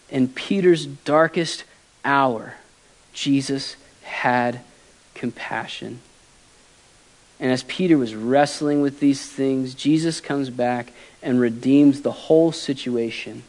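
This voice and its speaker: A man preaching a sermon as pastor, earnest and emotional, swinging from loud emphasis to quiet softness. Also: on the high side, takes it slowly.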